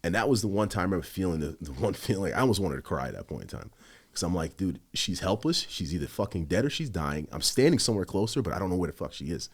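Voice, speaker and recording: A man, a former police officer, telling stories on a podcast in a casual, animated way, swearing a lot and acting out what he said at the time. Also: sits low, fast, husky. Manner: animated, heavy swearing, quotes himself. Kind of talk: casual storytelling.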